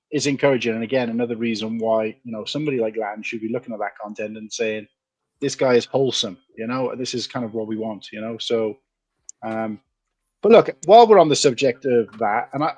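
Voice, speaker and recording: A man with a Welsh accent leads a casual online chat, wandering through stories with quick asides. His voice sits at a middle pitch and sounds close and dry, with no room around it. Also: darkish tone, no echo. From Wales. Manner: chatty and rambling, with quick asides. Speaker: podcast host.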